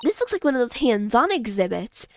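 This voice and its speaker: A woman's voice: on the high side, sing-song, brisk, noisy background. A woman streamer casually chatting while playing a game and reading its dialogue aloud. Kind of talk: casual game playthrough commentary. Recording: music playing behind.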